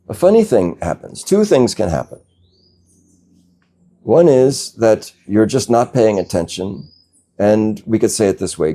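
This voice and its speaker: A man giving a slow, gentle spiritual talk as a teacher, reflective and unhurried, now and then laughing softly. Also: on the low side. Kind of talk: satsang talk.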